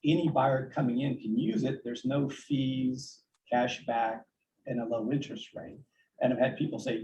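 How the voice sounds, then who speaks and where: A man's voice: mid-range voice, steady tone, moderate pace. A man, a real estate agent, giving sales advice at a town hall in an earnest coaching tone, often restarting his sentences. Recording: distant, dull, echoey room audio with faint noise.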